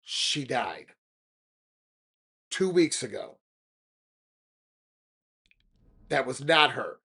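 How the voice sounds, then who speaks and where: Un homme imitant une femme calme et grave. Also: female voice, low-pitched, normal speed. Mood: calm. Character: calm, grave woman, sister of the cat lady.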